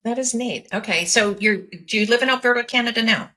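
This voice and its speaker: A woman hosts a podcast interview, talking quickly in a bright, forward voice. She compliments her guest and moves the talk along with follow-up questions. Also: on the high side. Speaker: podcast host. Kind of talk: conversational interview.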